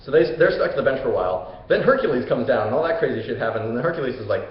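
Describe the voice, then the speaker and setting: A young man retells an old myth as a comedy, casual and slangy. His pitch is middling. The room is very echoey, and the sound is dull and lo-fi. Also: sing-song, very fast. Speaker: host.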